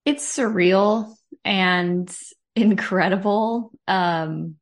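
A woman's voice: medium pitch, drawn-out words. A woman who runs her own business, a podcast guest talking in an earnest, heartfelt way. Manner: earnest and heartfelt, talks about faith. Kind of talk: casual podcast conversation.

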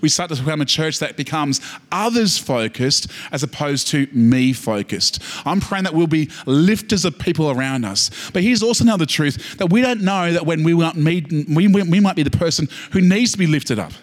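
A man with an Australian accent preaching a sermon, animated and humorous, building to emphatic peaks. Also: on the high side, normal speed. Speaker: pastor. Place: church service.

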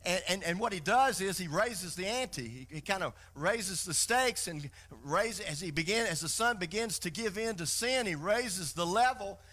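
A male pastor delivering a sermon, working through a story with emphasis and frequent restarts. His voice is fairly high and bright, with a tense edge. He speaks like a preacher addressing a congregation. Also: animated, moderate pace, hardly any pauses.

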